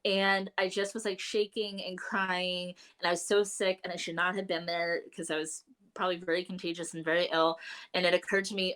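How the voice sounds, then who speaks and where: A woman co-hosting a casual podcast chat from home, telling stories with lots of laughter and big swings in her voice. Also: brisk. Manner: animated, laughing storyteller with big pitch swings. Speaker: co-host. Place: home, remote live show during lockdown.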